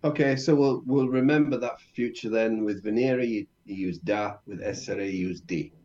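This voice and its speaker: Low-voiced man with dull lo-fi sound. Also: moderate pace, warm tone. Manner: reads lines aloud and works through translations, light joking. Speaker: Italian learner, co-host. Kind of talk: casual language lesson.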